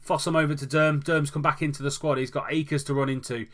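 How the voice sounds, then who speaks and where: A man's voice: fairly high pitch, steady tone, fast, fairly bright tone. A man commentating on his football management game, calling the play like a match commentator and lifting his voice at goals.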